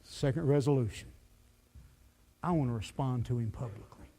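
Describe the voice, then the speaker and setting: A man preaching a sermon as pastor, telling the story in a lively, folksy way full of "you know" fillers. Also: mid-range voice, moderate pace. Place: church sanctuary.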